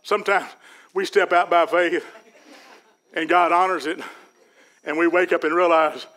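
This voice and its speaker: A man preaching a sermon in a church, folksy and rising to loud peaks. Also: on the high side, little pitch movement, unhurried. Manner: folksy preaching, Southern US dialect, builds to shouts. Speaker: pastor. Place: church sanctuary.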